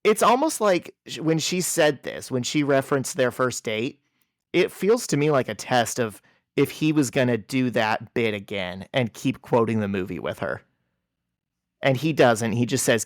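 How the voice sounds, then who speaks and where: A man's voice: moderate pace, no echo, studio quality. Man reading comic lines on a podcast. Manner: animated storyteller, reads quoted lines in a lower voice. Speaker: podcast co-host. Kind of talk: casual podcast chat, reading comic dialogue aloud.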